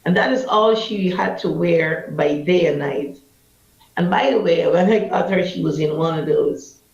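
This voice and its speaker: Guyanese woman, impassioned interview storyteller, gravelly edges, roomy muffled sound. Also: lowish voice, a little slow, a little mellow. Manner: impassioned, vivid storyteller acting out quotes. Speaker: anti-trafficking activist. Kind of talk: emotional personal storytelling interview.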